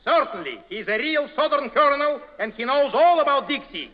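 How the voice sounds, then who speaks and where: A man with a Russian accent, talking in a high, animated voice as a bossy director who mangles his words. The old radio sound is muffled, with a long hall reverb. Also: brisk, slight background noise. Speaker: film director character. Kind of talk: 1930s radio comedy.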